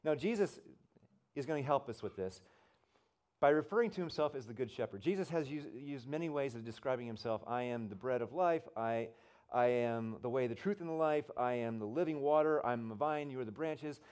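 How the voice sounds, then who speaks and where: A man preaching a sermon as pastor, telling stories conversationally and swinging from loud and emphatic to soft and hushed. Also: medium pitch, lively intonation, a little fast. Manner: conversational storytelling, swells loud then drops soft.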